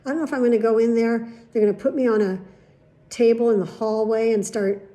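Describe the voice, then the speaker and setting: Woman vlogger, casual storytelling monologue, profane and exasperated, voices the people she quotes, slightly high voice. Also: steady tone, brisk, dark tone.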